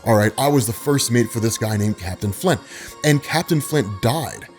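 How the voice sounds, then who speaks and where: A man voicing a weary, frightened old pirate mate, speaking low and confiding. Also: lively intonation, moderate pace, darkish tone, faint music behind, close to an everyday voice.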